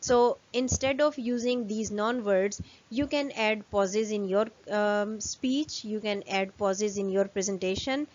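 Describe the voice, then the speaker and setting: A woman lecturer, giving a fast recorded lesson full of "um" and "uh" fillers. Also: mid-range voice, a little mellow, highs cut off.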